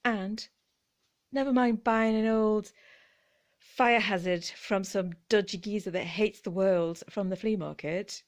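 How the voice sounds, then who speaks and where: A woman's voice: medium pitch, steady tone, slow pace. A woman with a British accent chatting casually on her vlog, rambling and giggling, often trailing off mid-thought. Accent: British English. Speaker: vlogger. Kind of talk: casual chat.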